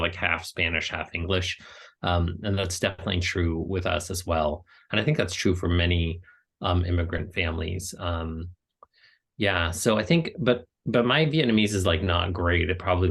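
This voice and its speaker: Very low-voiced man answering casually. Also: fairly bright tone. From United States. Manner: rambling, heavy use of "like", quick laughs. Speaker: guest author. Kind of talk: casual answers to a book club. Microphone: video call.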